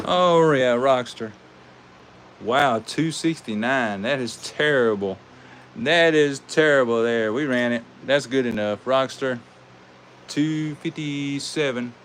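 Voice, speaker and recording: Here a man with a Southern US drawl emcees a live toy car race, chatting in a folksy, drawn-out style and addressing everyone as "y'all." The voice is mid-range and a bit bright, with slight background noise.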